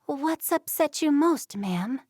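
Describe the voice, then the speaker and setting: A woman's voice: sits high, animated, slow, a little mellow, no room sound, studio quality, voice pushed up. A woman voicing a reserved, stubborn young Amish woman in a storybook reading, speaking plainly. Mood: defensive.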